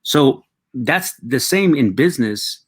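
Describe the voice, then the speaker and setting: A middle-aged man, a talk show guest, telling reflective personal stories with halting restarts. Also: mid-range voice, animated, husky. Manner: reflective, halting, with frequent restarts and acted quotes.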